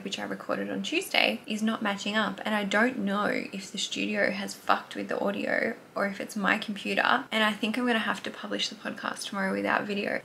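A young Australian vlogger speaks frankly and casually to the camera, swearing freely. Her medium-pitched voice is creaky with a sharp tone, and there's slight background noise.

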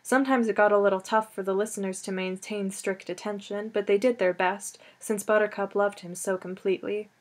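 A woman reading a novel aloud as an audiobook, in measured, steady storytelling narration. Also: mid-range voice. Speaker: audiobook reader. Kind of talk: scripted narration.

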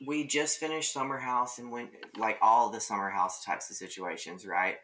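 A man's voice: on the low side, fairly even intonation, normal speed, a loud crowd. A man with a Mississippi Southern accent, a guest in a casual chat who rambles easily and laughs often. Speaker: guest, social media creator.

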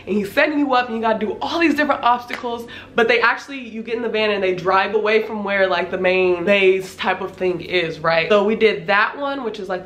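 Young woman w a stuffy congested voice, chatty animated storytime, roomy echo, bit of noise behind. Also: a little high. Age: 20s. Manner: animated, laughing, lots of "like" fillers. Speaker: vlogger. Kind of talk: casual storytime.

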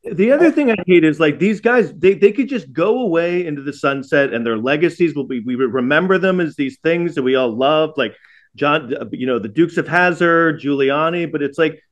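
A man, a comedian guest on a radio show, talking bluntly and profanely with halting starts. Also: a little high, lively intonation. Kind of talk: casual comedic chat. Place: radio studio.

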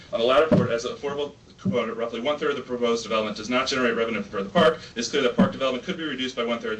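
Man, public commenter, racing pace, bright tense tone, technical testimony. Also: medium pitch. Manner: rapid, urgent, technical read-out statement. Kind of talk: public testimony at a board meeting. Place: public meeting room. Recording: distant mic, faint room noise.

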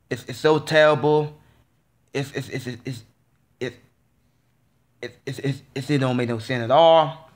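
A man vlogging a frustrated, casual rant, repeating himself and stammering through restarts. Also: mid-range voice. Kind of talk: ranting casual monologue.

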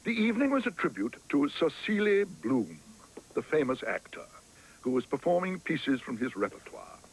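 A man narrating a storybook cartoon in a gentle, expressive reading style. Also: a little high, normal speed, breathy edge, low-quality recording.

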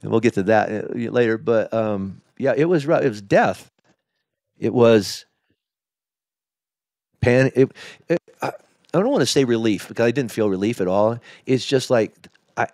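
A middle-aged man, a pastor, telling his story in a candid interview, halting with many restarts. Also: lowish voice, expressive, a little mellow, no echo, clean studio sound. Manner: emotional, halting, with many restarts and quoted asides. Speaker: lead pastor.

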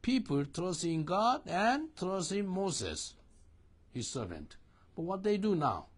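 Husky man preaching with animated lilt. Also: sits high, slow pace. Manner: animated, call-and-response preaching in non-native English. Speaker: pastor. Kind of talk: sermon.

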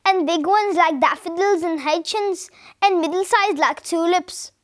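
A woman's voice: very high voice, a little slow. A woman reading the lines of a helpful young flower-shop girl in a storybook, chatty and helpful.

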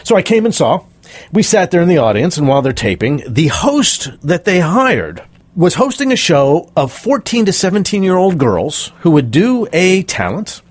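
A man's voice: on the high side, moderate pace, husky, dry recording. A middle-aged man, a performance coach, telling stories in an interview and acting out the people he quotes. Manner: animated storyteller acting out quoted voices. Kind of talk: interview storytelling.

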